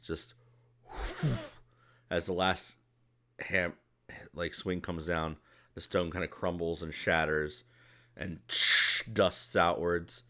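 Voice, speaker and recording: A low-voiced man narrating a tabletop game as game master. He speaks slowly and easily, rambling through the scene with fillers. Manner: relaxed, rambling with fillers and laughs.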